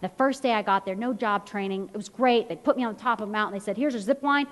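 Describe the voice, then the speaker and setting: A woman in her thirties gives a motivational talk as a fitness trainer, with a voice of ordinary pitch for a woman. She tells her stories with lively energy and acts out quotes from the people in them. Her voice rings with the long reverb of a large hall. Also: quick pace. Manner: animated storyteller, acts out quotes.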